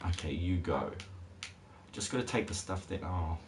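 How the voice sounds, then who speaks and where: Deep-voiced man rambling while streaming. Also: animated, moderate pace. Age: adult parent. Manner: rambling, jokey asides to chat. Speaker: game streamer. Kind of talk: casual live-stream commentary. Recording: noisy background hiss.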